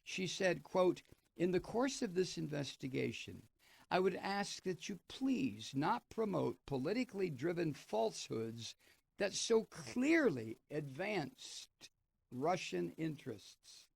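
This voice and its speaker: A man's voice: fairly high pitch, big pitch swings, slow, gravelly, breathy edge, no echo. A man hosting a radio talk show, reading a news piece aloud and breaking off into sardonic, profane commentary. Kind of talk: political commentary, reading and remarking on an article.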